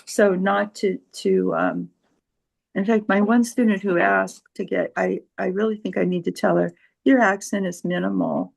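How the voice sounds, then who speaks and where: A woman tutor with a Californian accent talks through a casual group discussion over a video call. Her voice has a gravelly, creaky edge at a medium pitch, and she feels her way forward with many fillers and restarts. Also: steady tone, normal speed, poor audio. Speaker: volunteer literacy tutor.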